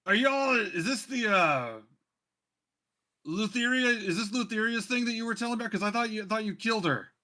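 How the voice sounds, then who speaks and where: A woman's voice: on the high side, expressive, normal speed, pushed and bright, pitched above the performer's own voice. A man voicing a blunt, foul-mouthed townswoman and mother in a fantasy tabletop game, talking in a folksy drawl. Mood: alarmed. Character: brash street-wise mother, crude and plainspoken.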